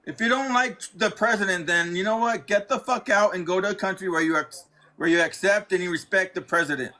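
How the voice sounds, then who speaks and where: A man's voice: high voice, brisk, pushed and bright. Angry swearing man arguing live. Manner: angry, profane, insulting. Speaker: caller in a livestream debate. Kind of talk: heated argument.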